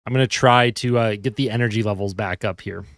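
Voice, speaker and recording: A man's voice: on the low side, a little fast, clear, resonant tone, no room sound, clean studio sound. A man hosting a casual live fan stream, chatting and answering viewer comments while sleepy and yawning at home. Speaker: livestream host.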